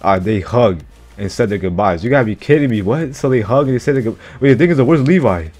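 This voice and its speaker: A man's voice: medium pitch, lively intonation, fast talker, darkish tone, soft background music. A man casually reacting to an anime chapter, slangy and profane, who keeps blurting out exclamations.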